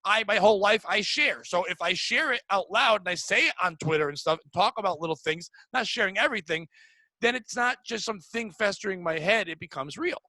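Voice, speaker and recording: A man's voice: sits high, expressive, brisk, sharp tone, no echo, rough recording. A middle-aged man hosting a podcast, venting bluntly and profanely in casual chat. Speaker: podcast host. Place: home room.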